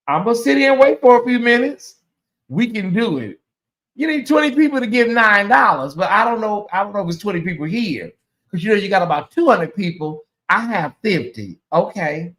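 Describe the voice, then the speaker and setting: A man's voice: high voice, a bit bright. A man hosting a casual livestream, chatty and emotional, sounding sleepy as he thanks viewers by name. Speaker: livestream host.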